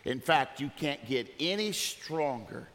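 Emphatic preacher in a reverberant hall. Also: male voice, a little high, expressive. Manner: swings from hushed, drawn-out quiet to emphatic shouting; repeats phrases for emphasis. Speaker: pastor. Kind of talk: sermon.

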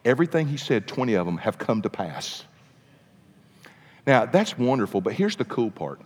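A man preaching, telling a story with animated, dramatic pacing in a sermon. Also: medium pitch, normal speed, husky. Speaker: pastor. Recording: long reverb of a large hall.

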